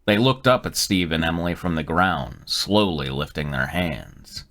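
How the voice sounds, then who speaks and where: A man's voice: very deep voice, lively intonation, unhurried, fairly bright tone. A man reading fan fiction aloud on a live stream, sometimes stumbling and correcting himself mid-sentence.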